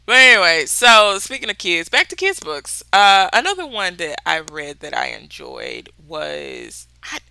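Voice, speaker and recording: A Southern-accented podcast host chats on their own, blunt and full of curse words, breaking into laughs. The voice is very bright and cuts through, with a lot of pitch movement. It sounds close and dry, with no room sound. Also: wildly swooping pitch, unhurried, gravelly, few pauses, smooth, dry recording. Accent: Southern US (Mississippi). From Mississippi, USA. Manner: candid, profane, laughs often. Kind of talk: casual solo podcast chat.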